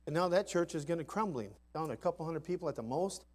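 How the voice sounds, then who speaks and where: A man preaching a sermon in a folksy, emphatic way, dropping to soft asides and rising to loud climaxes. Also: a little high, animated, fast talker. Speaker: pastor. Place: church sanctuary.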